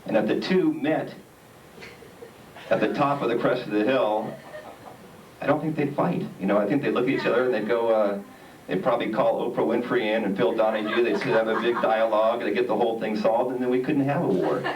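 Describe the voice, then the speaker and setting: A man's voice: medium pitch, a little fast, lo-fi sound. Man doing stand-up in an echoey theatre. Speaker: stand-up comedian. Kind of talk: stand-up comedy routine. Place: theatre stage with audience. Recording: roomy, distant, noisy live stage recording.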